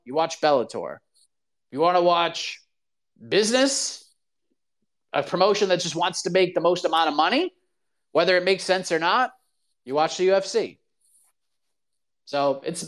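A man hosting a live talk show, talking in a casual, animated and opinionated way. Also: sits high. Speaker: show host.

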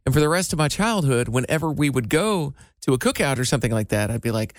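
A man's voice: medium pitch, animated, fast, dry recording, clean studio sound. A man co-hosting a casual radio show, chatting in an easygoing, playful way. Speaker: radio co-host.

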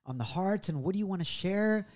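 A man's voice: high voice, lively intonation, a little fast, a little mellow. A middle-aged man co-hosting a podcast, telling a personal story in an earnest, reflective way. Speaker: podcast co-host. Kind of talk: casual, heartfelt storytelling.

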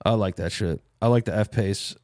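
A man's voice: lowish voice, moderate pace, a little mellow. A man co-hosting a casual podcast, laid-back and swearing a lot as he riffs on jokes. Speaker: podcast co-host. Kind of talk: casual profane chat.

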